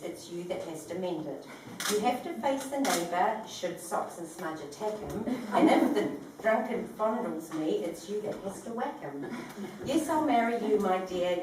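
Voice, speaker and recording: A woman with a New Zealand accent reading a comic poem aloud at a wedding, in a playful, self-deprecating way. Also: mid-range voice. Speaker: wedding reader. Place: large echoing room at a ceremony. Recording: echoey room from far off, noisy.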